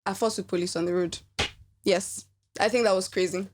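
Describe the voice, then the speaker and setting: A woman's voice: mid-range voice, fairly even intonation, a little fast, darkish tone. A young woman guest on a podcast, chatting casually and animatedly, laughing often and restarting her sentences. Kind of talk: casual chat.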